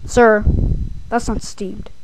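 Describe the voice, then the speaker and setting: A woman voicing a flustered male store clerk who hesitates with lots of ums and mutters quickly in a homemade comedy skit. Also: medium pitch, level tone, slight background noise, poor audio. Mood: patient, hesitant. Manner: hesitant, mumbling with ums, then rushed.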